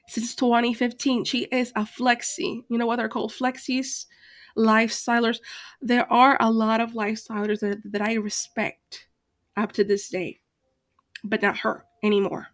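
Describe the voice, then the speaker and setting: A woman's voice: on the high side, level tone, normal speed, fairly bright tone, no room sound. A woman ranting casually to her channel, hesitant with many fillers and restarts, tired from being up late and exasperated. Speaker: channel host, Second Life roleplayer. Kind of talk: casual rant to camera.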